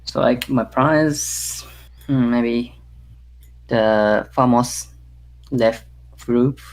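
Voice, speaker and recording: A player in a casual game chat who talks in a halting way, searching for words. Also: medium pitch, steady tone, a little mellow, low-quality recording.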